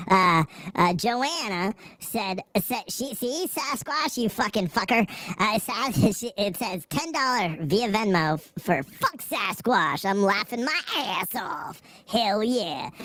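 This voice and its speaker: A woman's voice: mid-range voice, no echo. A woman live-streaming outdoors on a city street, reading chat aloud in a brash, profane way and laughing often.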